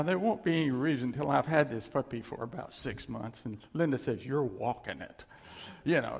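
An older man giving a casual, folksy sermon, chuckling often and teasing himself, with a gravelly voice. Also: mid-range voice. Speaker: preacher. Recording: reverberant hall.

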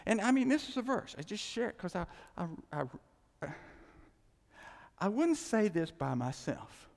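A man's voice: high voice, a little slow, creaky. Man preaching in a reverberant hall. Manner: animated, repeats phrases, acts out quoted thoughts. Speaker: pastor. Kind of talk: sermon.

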